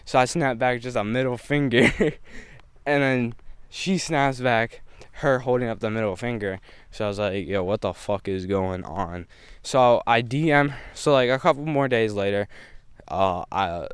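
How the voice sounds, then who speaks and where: A young man tells a story in a laid-back vlog, full of slang and quick laughs. His voice comes across smooth and clear on a close mic. The sound is dry, with no room around it. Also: on the low side, no room sound. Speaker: vlogger. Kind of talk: casual storytime.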